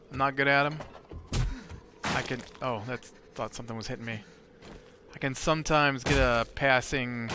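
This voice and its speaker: A man hosting a let's play, talking casually over his gameplay and rambling with lots of filler words. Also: medium pitch. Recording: clear background noise.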